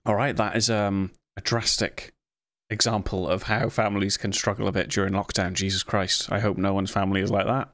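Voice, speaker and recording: A man's voice: fairly low pitch, level tone, brisk, a bit bright, low-quality recording. A young man giving jumpy, self-mocking commentary while playing horror games, with sudden yelps. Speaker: gaming video host.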